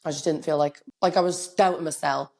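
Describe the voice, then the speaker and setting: A middle-aged woman talks straight into a podcast microphone, candid and motivational, her voice slipping into low gravelly fry. She has a cold that roughens her delivery, and her pitch sits on the low side. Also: fairly even intonation, brisk, a little mellow. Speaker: podcast host and coach. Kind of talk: solo podcast monologue.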